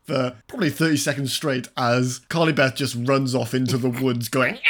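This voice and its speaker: A man's voice: medium pitch, heavy background noise. A man casually recapping a film scene by scene for a comedy podcast, swearing freely.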